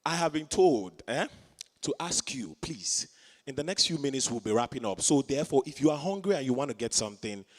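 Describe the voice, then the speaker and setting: A man's voice: medium pitch, lively intonation, brisk. A man with a Nigerian Anambra accent hosting a live event, joking and chatting with the audience. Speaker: event host. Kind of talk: live emcee announcements. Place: conference hall. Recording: echoey hall from a distance.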